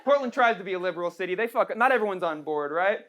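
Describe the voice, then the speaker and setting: A woman's voice: medium pitch, lively intonation, quick pace, heavy background noise. A young trans woman doing a sarcastic, punchy stand-up comedy set on a small club stage. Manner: brash, sarcastic, punchy delivery with frequent "right?" tags. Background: audience laughter.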